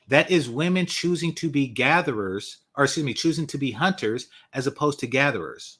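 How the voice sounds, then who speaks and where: A man's voice: mid-range voice, lively intonation, normal speed, hardly any pauses, fairly bright tone. A man giving reaction commentary online, blunt and mocking, hammering his points home by repeating them. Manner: blunt, mocking, emphatic repetition.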